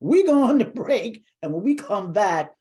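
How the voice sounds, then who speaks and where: A woman's voice: medium pitch, very animated, unhurried, mellow. A woman hosting a talk show, upbeat and speaking directly to her viewers.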